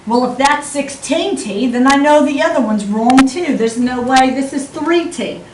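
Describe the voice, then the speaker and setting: A woman's voice: high-pitched, animated, measured pace, reverberant, distant mic, slight background noise, rough recording. A woman voicing a jokey math teacher with a put-on Australian accent who keeps calling students mate.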